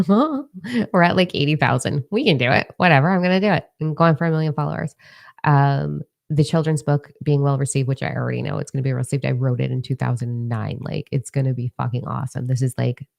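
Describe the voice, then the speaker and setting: Woman with a really deep gravelly voice, swears a lot, blunt and fired up, chatting to her followers. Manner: blunt, profane and energetic. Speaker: mentor and social media creator. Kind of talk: casual livestream talk to followers.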